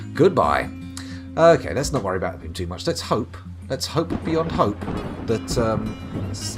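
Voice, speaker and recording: A man from the UK streaming a game live, commenting with dry, sarcastic, jokey asides. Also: lowish voice. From United Kingdom. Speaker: gaming streamer.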